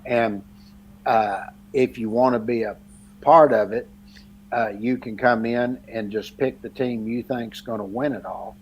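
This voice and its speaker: A man's voice: mid-range voice, fairly even intonation, measured pace, slight background noise, rough recording. A man co-hosting a casual sports podcast, rambling with lots of fillers and laughing through his stories. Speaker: podcast co-host. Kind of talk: casual chat.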